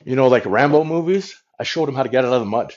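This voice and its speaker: A man's voice: medium pitch, lively intonation, quick pace, a little mellow, muffled recording, natural voice. A man voicing a boastful middle-aged New York Italian tough guy with a New York Italian accent, name-dropping and saying "you know" constantly. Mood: boastful storytelling.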